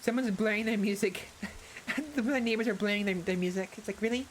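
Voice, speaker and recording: A woman's voice: mid-range voice, brisk, slight background noise, rough recording. A woman streamer talking casually to her viewers while she plays a game. She rambles, corrects herself and greets viewers by name. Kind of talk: casual live-stream gaming chat.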